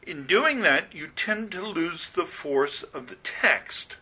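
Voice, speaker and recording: A man gives a verse-by-verse Bible teaching with a somewhat high, sharp and forceful voice. He works through the Greek grammar methodically and leans hard on the key words. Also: lively intonation, slow pace, breathy edge, low-quality recording.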